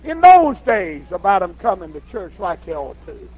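High-voiced older preacher. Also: male voice, very animated, normal speed. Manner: folksy, rising to shouts. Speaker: pastor. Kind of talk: storytelling sermon. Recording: dull lo-fi sermon recording.

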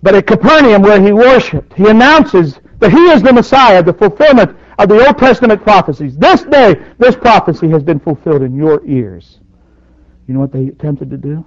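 Preacher guy, high voice that swoops all over, rises then drops soft, dull dry old recording. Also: dry recording. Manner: dynamic preaching, surging loud then dropping soft. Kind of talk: sermon.

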